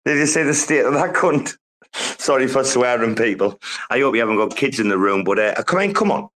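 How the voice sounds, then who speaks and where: A man hosting a loose online chat show, talking at an everyday middle pitch. He rambles from one story to the next, swears freely and hands the floor on to others. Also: animated, a little fast, a bit bright. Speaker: co-host of a crypto community talk show. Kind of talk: casual online group chat.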